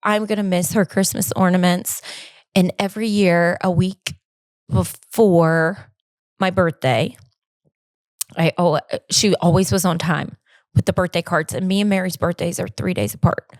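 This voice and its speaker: A woman's voice: fairly low pitch, steady tone, a little slow, dry recording, clean studio sound. Rambling, candid woman podcaster. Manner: rambling, candid and self-deprecating; tender, fighting back emotion. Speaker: podcast co-host. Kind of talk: casual personal monologue.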